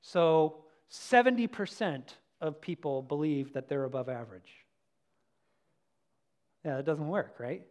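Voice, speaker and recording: A lively pastor delivers a sermon and acts out little scenes. The voice sits mid-pitched, and the delivery jumps between loud bursts and near-whispered asides. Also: a little slow, pauses often. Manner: animated, acts out quotes, swings between loud and soft.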